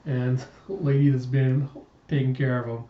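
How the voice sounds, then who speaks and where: A man casually reading through a comic and chatting about it with relaxed asides. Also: mid-range voice, moderate pace. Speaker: comic readthrough host. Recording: roomy, distant, dull lo-fi sound.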